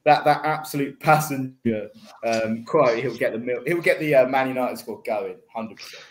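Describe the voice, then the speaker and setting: A man's voice: medium pitch, moderate pace. A man on a casual football panel, talking chummily and rambling, calling people mate, on a roomy recording with a faint background hum. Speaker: panelist, Millwall fan.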